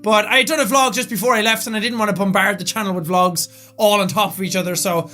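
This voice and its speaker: A young man with a raspy, strained voice, excitedly recapping events in a casual vlog. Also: high-pitched, fast talker, soft background music. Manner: loud, excitable talker. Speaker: YouTuber.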